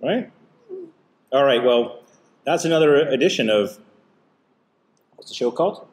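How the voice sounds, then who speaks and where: A man talks casually as the host of a family taste-test vlog. He is chatty, walks through what he tastes in plain terms, and gently teases along the way. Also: medium pitch, expressive, a little slow. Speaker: host and dad.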